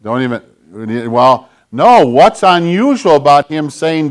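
A man giving a children's sermon as pastor, in a gentle, conversational way, often clearing his throat. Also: on the high side, animated, takes it slowly, few pauses.

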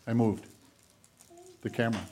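A man preaching a sermon to a congregation, retelling scenes dramatically and dropping into quiet, hushed passages. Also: mid-range voice, little pitch movement, moderate pace, slightly rough. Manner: dramatic retellings, drops to near whispers. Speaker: pastor. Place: church filmed on camera.

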